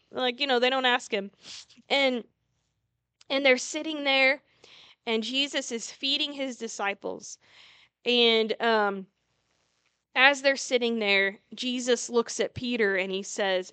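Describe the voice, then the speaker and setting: A woman's voice: on the high side, unhurried, a bit bright, clear, resonant tone, dry recording. A woman giving a casual sermon, retelling a story earnestly with frequent restarts. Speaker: preacher.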